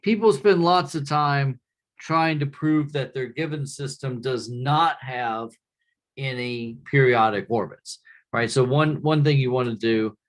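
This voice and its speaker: A male lecturer speaks at a middle pitch, teaching a class in an easygoing, conversational manner. He often pauses to ask "right?" as he checks in with the students. He is recorded in a classroom.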